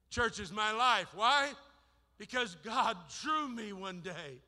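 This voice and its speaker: Impassioned high-voiced male preacher, echoing hall. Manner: impassioned, swings from shouting to hushed. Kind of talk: sermon. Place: church sanctuary. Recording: long hall reverb.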